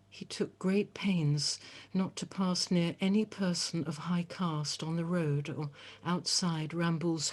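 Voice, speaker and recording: Woman reading a story aloud, slow measured pace, low-pitched voice, gentle and calm.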